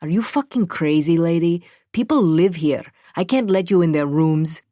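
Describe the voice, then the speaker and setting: A woman's voice: sits low, unhurried, darkish tone, dry recording. A woman voicing a cold, guarded male building superintendent who swears a lot, in a dry audiobook recording. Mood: hostile. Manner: profane, curt.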